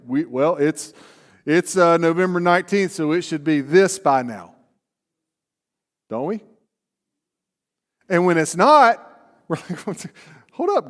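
A man with a Southern US accent preaching a sermon as pastor, talking conversationally and checking in with the congregation with frequent "right?" asides. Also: a little high. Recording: long hall reverb.

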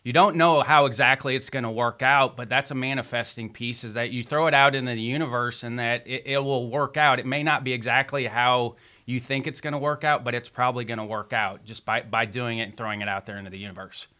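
Give me a male podcast host with a smooth, resonant voice, reflective and easygoing. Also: mid-range voice, fairly even intonation, fairly quick, few pauses, pushed and bright. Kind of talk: casual chat.

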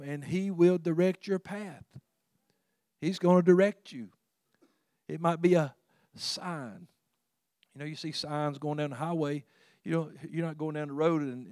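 A man preaching a sermon in a folksy, conversational way, chuckling now and then, getting loud for emphasis and going soft on tender points. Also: a little high, no echo.

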